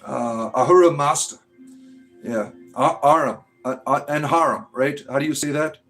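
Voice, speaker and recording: A man's voice: fairly high pitch, moderate pace, fairly bright tone, soft background music. Sarcastic man hosting a livestream. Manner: sarcastic, scornful. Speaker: livestream host answering chat. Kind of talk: casual mocking chat.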